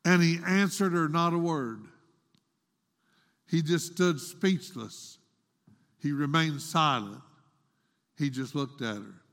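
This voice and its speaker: A slightly high, fairly bright male voice preaches a sermon in a church, with long hall reverb on the recording. Retelling a story dramatically, he rises into pleading tones and voices the quoted woman in a raised, pleading pitch.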